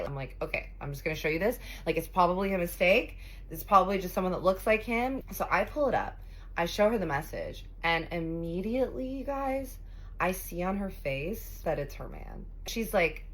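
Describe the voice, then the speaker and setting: Low-voiced young woman telling a story. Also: a little fast, fairly bright tone. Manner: chatty, dramatic retelling with swearing. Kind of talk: casual storytime.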